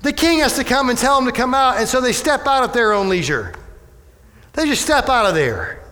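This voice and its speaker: A male pastor preaching a sermon, animated, with many rhetorical questions to the congregation. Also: very high voice, brisk. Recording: echoey hall with long reverb.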